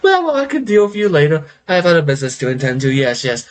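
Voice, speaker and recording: A man's voice: on the high side, huge pitch swings, fast, pitched above the performer's own voice. A man hamming up a gloating vain lich. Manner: hammy, sing-song, gloating. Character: gleeful vain undead male lich, theatrical villain.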